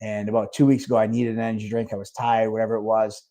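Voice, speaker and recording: A man's voice: lowish voice, little pitch movement, fast talker, mellow. A man telling a long story on a casual podcast, rambling and swearing a lot, full of fillers like "like.". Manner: rambling, heavy swearing, lots of "like". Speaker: podcast co-host; restaurant owner.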